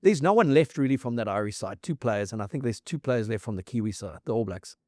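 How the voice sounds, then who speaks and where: A man's voice: medium pitch, lively intonation, fast talker, a little mellow. A man hosts a casual rugby chat, speaking in a mid-range voice as he tells the history at length and reels off scores and dates. The sound is dry and close to the mic, with no room echo. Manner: fact-heavy storyteller, reels off scores and dates. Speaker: rugby podcast host.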